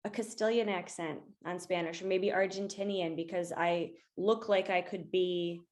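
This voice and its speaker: A woman's voice: on the low side, fairly even intonation, moderate pace, darkish tone. A woman hosting an interview, asking questions in an enthusiastic, encouraging way. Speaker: interviewer, host.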